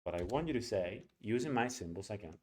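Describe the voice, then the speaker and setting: Animated man teaching English rhythm. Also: fairly low pitch, brisk. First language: Spanish. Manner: animated, demonstrates sounds aloud with filler words. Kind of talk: casual spoken lesson to camera.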